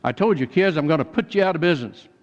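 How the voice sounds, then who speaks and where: A man voicing a hot-tempered male street vendor who talks in a loud, pushy way. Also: on the high side, animated, quick pace. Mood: threatening. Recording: dull church recording with long reverb.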